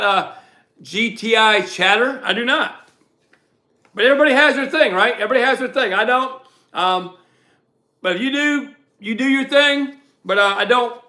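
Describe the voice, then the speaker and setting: A man hosting a live stream, chatting loudly and casually with viewers and answering their questions. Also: high-pitched. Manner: loud, animated, chatty. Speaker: livestream host and reseller.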